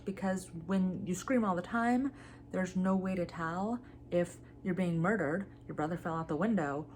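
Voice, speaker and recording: A woman in her forties talks casually to her vlog audience with a somewhat low pitch and a nasal, blocked-up sound. Her humor is dry and deadpan. Faint room ambience sits under her voice. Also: a little hiss or hum. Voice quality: stuffy, blocked-nose sound. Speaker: vlogger. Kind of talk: casual chat.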